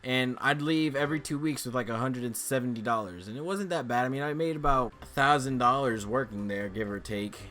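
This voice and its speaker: A man's voice: mid-range voice, a little fast, hardly any pauses, sharp tone, faint music behind. A young man vlogging casually, telling a rambling story and acting out the voices of people he quotes.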